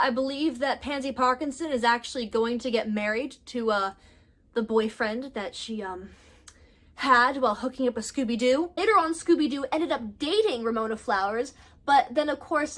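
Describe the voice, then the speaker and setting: A young adult woman telling a personal story in a storytime vlog, animated and dramatic in her retelling. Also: high-pitched. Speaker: storytime vlogger.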